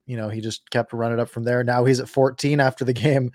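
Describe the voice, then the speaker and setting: A man's voice: mid-range voice, steady tone, fast talker, a little mellow, no room sound. A man co-hosting a sports podcast, talking through recent games in a loose, rambling way with a dry, sarcastic edge. His voice sits in a middle register and is recorded close in a dead, dry space with no room sound. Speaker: podcast co-host. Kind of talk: casual sports chat.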